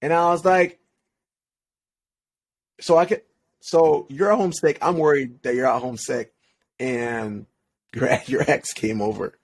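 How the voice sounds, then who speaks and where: A young man, a relationship coach on a podcast as a guest, recounts a personal story in relaxed, slangy speech, laughing often and restarting sentences. His medium-pitched voice is creaky and fairly even, a little slow, with frequent pauses.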